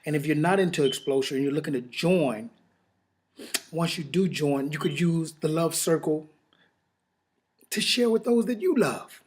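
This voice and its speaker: A man with a fairly high voice gives a personal testimonial that turns into a sales pitch. He speaks emotionally and haltingly, repeating his phrases and pausing to sigh as he goes. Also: lively intonation. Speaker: network marketing presenter.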